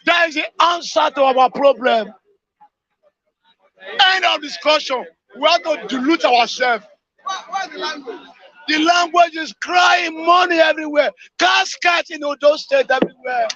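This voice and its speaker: A man calling in to a talk show, shouting and weeping as he repeats the same grief-stricken lines. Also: very high-pitched, unhurried, long pauses, lo-fi sound. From Nigeria. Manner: shouting, repetitive, anguished. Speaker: caller. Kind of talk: impassioned call-in rant.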